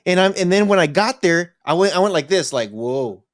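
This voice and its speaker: A man's voice: high voice, fast talker, no room sound, studio quality. Man telling a story casually on a podcast. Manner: animated, acts out voices in his story. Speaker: podcast co-host.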